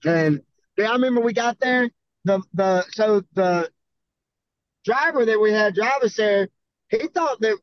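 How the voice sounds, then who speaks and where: A man's voice: high-pitched, expressive, measured pace, pauses often, dry recording, highs cut off. A man from Arkansas with a Southern accent, telling rowdy stories in a casual, profane, laid-back way as a podcast guest. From Arkansas, USA. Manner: profane, laid-back drawl, laughing storyteller. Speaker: podcast guest, bull rider. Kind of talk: casual storytelling.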